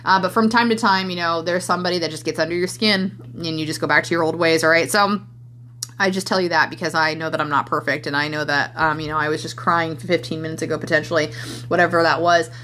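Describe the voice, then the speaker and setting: A woman's voice: sits low, fairly even intonation, fast, fairly bright tone, slight background noise. A woman in her thirties hosting a podcast, talking candidly and emotionally in a rambling way, full of fillers. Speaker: podcast host and coach. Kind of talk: casual solo podcast monologue.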